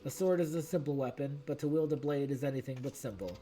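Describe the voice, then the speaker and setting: A man's voice: mid-range voice, fast, warm tone, soft background music, lightly acted, rough recording. A man reading a stern female guildmaster. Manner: stern, formal speech. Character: stern female guildmaster, strict sword teacher.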